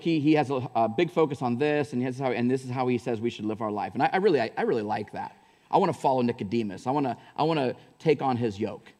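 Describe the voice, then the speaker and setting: A man's voice: medium pitch, a little mellow, big-room sound. A male pastor giving a sermon in a church, talking conversationally with frequent asides and building to fervent emphasis. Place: church sanctuary.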